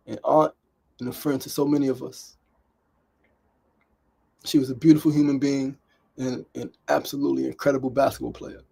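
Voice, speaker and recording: A middle-aged New York City man hosts a motivational daily talk show, his mid-range voice gravelly and darkish with a breathy edge. He speaks emphatically, repeats himself, and keeps asking "right?".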